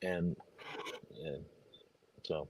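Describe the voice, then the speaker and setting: A man chatting casually on a live stream, telling a story in halting, rambling bits with many restarts. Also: a bass voice, steady tone, a little mellow, husky, no room sound. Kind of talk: casual chat.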